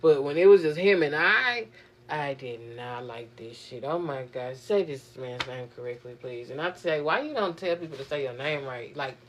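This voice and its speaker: A young woman vlogging, venting in a profane, animated, exasperated way. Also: deep voice, normal speed, slight background noise. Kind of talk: casual venting monologue.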